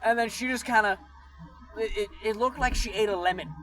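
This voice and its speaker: A man co-hosting a podcast during a road trip, telling a funny family story in a lively, animated way. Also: sits high, a little fast, faint music behind, rough recording. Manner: lively storyteller who acts out quotes. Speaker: podcast co-host. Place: inside a car on a road trip.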